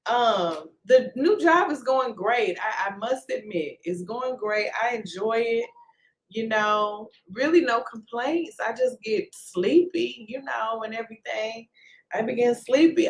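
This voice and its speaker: A woman's voice: mid-range voice, a bit bright, rough recording. A woman from Texas with a Texan accent hosting a casual livestream from home, chatting and greeting viewers by name with playful slang. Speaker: livestream host.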